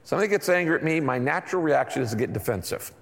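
A man's voice: a little high, expressive, rapid-fire, gravelly. A middle-aged man preaching a sermon to a congregation in a conversational way, now and then acting out little asides in other people's voices. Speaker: pastor. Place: large church auditorium. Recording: long hall reverb.

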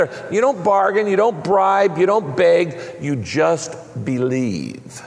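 A man's voice: on the high side, expressive, unhurried, gravelly, hardly any pauses. A man preaching a sermon as pastor, emphatic, with big swings up and down in his voice. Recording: long reverb of a large hall.

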